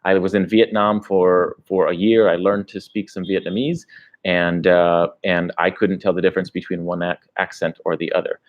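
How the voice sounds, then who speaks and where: Man, American, fairly low voice, rambling livestream chat, dull lo-fi sound. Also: little pitch movement, moderate pace. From United States. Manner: rambling, chatty, restarts, laughs between thoughts. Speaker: travel vlogger. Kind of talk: casual livestream chat reading comments.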